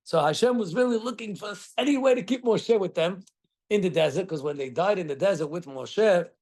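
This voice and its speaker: Middle-aged rabbi, higher-pitched man, teaching a class, acts out quotes. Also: a little fast. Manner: animated storytelling with acted quotes. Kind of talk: Torah class.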